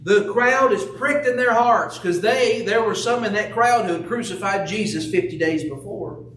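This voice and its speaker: A man with a high voice preaches a sermon, posing earnest rhetorical questions and reading scripture. He sounds set back from the microphone, and his voice rings around a church sanctuary. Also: moderate pace, a bit bright, recorded from a distance, a little hiss or hum. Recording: echoey room, voice from off the mic.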